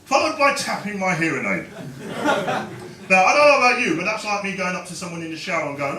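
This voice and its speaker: A man's voice: high voice, very animated, quick pace, distant mic, heavy background noise. A man doing a stand-up comedy set, chatting and bantering with the crowd. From London. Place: comedy club stage. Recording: roomy live club sound with crowd. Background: audience laughing and clapping.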